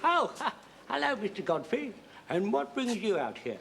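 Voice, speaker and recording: An actor playing an excitable older home guard corporal who rambles and trips over his words, in a 1970s sitcom. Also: high voice, moderate pace, vocal fry, slight background noise, full character voice. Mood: fussy.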